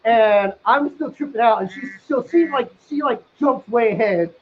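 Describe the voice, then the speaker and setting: A man telling a crude comic story casually, rambling with lots of fillers and bursting into loud excited outbursts. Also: very high-pitched, normal speed, slight background noise. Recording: dull lo-fi sound.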